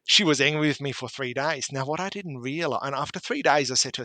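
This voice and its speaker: Bright-voiced man explaining business matters. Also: medium pitch, quick pace, few pauses, no room sound. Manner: explanatory, with homely anecdotes and examples. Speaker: accountant guest. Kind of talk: podcast interview.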